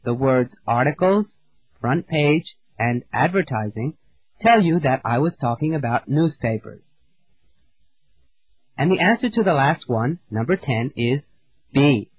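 A man teaching an English lesson, reading out words and example sentences slowly and clearly, pausing for the learner to repeat. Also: medium pitch, animated. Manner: slow, clear, deliberate drilling with pauses. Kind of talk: scripted language lesson narration. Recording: dull dry lo-fi audio.

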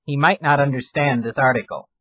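A man reading example sentences for a recorded language course in a clear, measured way. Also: mid-range voice, fairly bright tone, no echo. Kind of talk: recorded pronunciation drill.

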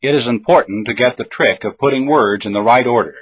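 A man reading a scripted language drill slowly, with careful, deliberate enunciation. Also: mid-range voice, husky, no room sound. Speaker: language teacher. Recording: dull lo-fi old tape recording.

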